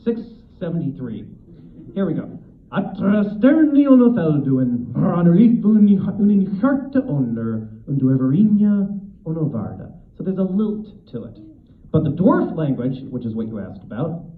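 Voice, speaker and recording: A man's voice: a little high, a little hiss or hum. A man speaking at a convention panel, chatty and self-deprecating, with frequent fillers and restarts. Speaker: author and convention guest. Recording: tinny echoey hall recording.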